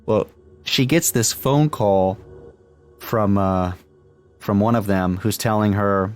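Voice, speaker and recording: Podcast co-host, male, lowish voice, easygoing rambling chat with light laughter. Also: takes it slowly, clear, resonant tone, soft background music. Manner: chatty, laughs often, many fillers and restarts. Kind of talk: casual movie podcast chat.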